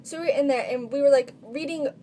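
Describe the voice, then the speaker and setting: A woman's voice: high-pitched, fast, dark tone, slight background noise. A teenage girl telling funny stories in a casual vlog, chatty and full of filler words. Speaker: vlogger.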